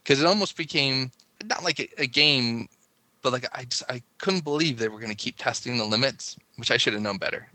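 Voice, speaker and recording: A man's voice: mid-range voice, fairly quick, sharp tone, no room sound. A man casually telling a long story, rambling and breaking off mid-sentence with lots of "like". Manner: rambling, self-interrupting, lots of "like".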